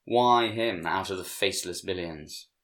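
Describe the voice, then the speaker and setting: A man voicing a suave, gleeful devil who speaks in a hushed, silky way. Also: low-pitched, a little slow. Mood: silky menace.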